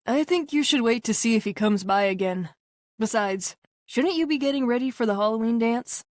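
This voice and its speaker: A woman voicing an easygoing, joking young man with a flat, steady delivery, in a storybook reading. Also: a little high, moderate pace, no echo, studio quality, close to an everyday voice.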